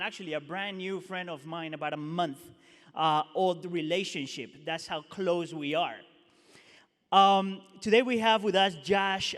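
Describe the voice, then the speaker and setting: A man's voice: sits high, fairly bright tone. A man, a teaching pastor, casually introducing a guest speaker to the congregation with frequent fillers. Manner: casual, friendly, many fillers. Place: church sanctuary. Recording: reverberant church hall.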